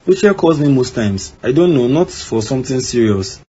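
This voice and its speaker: Man doing a defensive cartoon husband, mellow voice, faint hiss. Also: mid-range voice, expressive, normal speed, close to an everyday voice. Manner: defensive, evasive. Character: evasive young husband named King. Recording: slightly dull with faint background noise.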